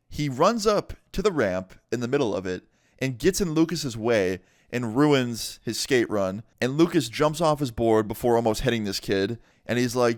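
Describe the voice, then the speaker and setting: A young man casually telling a storytime vlog with animated delivery and heavy swearing. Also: mid-range voice, dry recording, clean studio sound. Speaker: vlogger.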